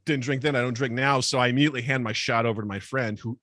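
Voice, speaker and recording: A man telling a comedic personal story in casual podcast chat, animated and self-deprecating, acting out the people he quotes. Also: medium pitch, rapid-fire, no room sound, studio quality.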